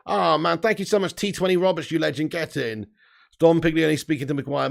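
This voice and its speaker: A man's voice: fairly high pitch, fairly quick, gravelly. A man hosting a casual live stream, reading out viewer comments and laughing often.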